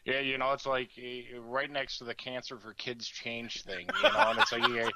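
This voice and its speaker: A man's voice: mid-range voice, steady tone, moderate pace. Man, podcast co-host, rambling profane storyteller, crowd noise behind. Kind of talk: casual podcast banter.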